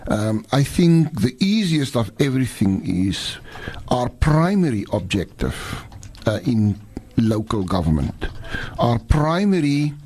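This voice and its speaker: A man's voice: mid-range voice, big pitch swings, darkish tone. A middle-aged man with a Cape Town Afrikaans-influenced English accent, answering radio interview questions earnestly, often restarting his words. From South Africa. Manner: halting, repeats words, earnest. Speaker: mayor-elect guest.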